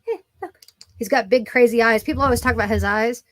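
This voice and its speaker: A woman's voice: on the high side, steady tone, quick pace, a bit bright, no room sound. Chatty woman, dry close sound. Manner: rambling, many "like" fillers, coos at her cat. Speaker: vlogger. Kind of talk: casual chat to camera. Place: at home at her computer. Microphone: computer microphone.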